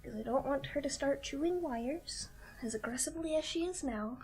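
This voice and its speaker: A woman with a high, slightly mellow voice hosts a casual art livestream, chatting at a moderate pace while she draws, with faint music in the background. Between remarks, she firmly tells a kitten no.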